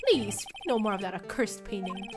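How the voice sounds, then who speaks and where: A woman's voice: medium pitch, music in the background, natural voice. A woman voicing a fussy elderly male lawyer who rambles, hesitates and keeps saying "my boy". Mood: fretful. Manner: halting, nostalgic, calls others "my boy".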